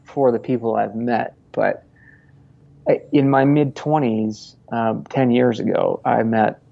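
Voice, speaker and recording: Here a thirty-something podcast guest from Montana chats casually, restarting often and laughing a lot as he rambles through the interview. He talks slowly in a steady, creaky, medium-pitched voice on a lo-fi recording.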